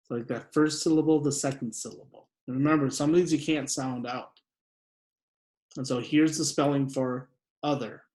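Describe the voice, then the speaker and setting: A man teaching a spelling lesson to young children, saying each word slowly and repeating it with care. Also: mid-range voice, steady tone, a little mellow. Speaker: second grade teacher. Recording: echoey room.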